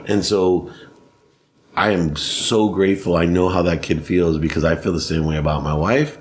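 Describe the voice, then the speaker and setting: Deep-voiced man telling lively stories. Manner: energetic, laughs often, fast storytelling. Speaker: podcast guest, sports marketing CEO. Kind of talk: animated storytelling.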